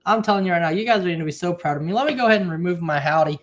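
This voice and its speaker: A man with a drawl hosting a casual homestead livestream from his kitchen, reading out viewer comments and chatting, sometimes keeping his voice low. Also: lively intonation, racing. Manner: chatty, reads viewer comments aloud, keeps voice low at times. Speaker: livestream host. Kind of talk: casual live-stream chat.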